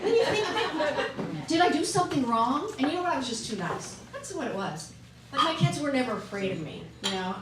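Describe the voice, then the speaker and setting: A woman's voice: high-pitched, noisy background. Chatty middle-aged woman doing stand-up. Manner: chatty, self-mocking, asks the audience questions. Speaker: stand-up comedian. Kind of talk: stand-up comedy set. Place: comedy club stage with audience. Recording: echoey club, distant mic, loud audience. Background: audience laughing.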